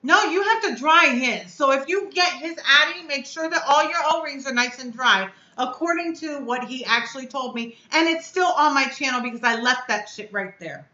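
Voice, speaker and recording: A high, bright-voiced woman hosts her own live stream and vents bluntly, upset and cursing. The sound is dull and lo-fi, with an echoey room around her. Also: expressive, normal speed, hardly any pauses. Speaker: vape reviewer and channel host.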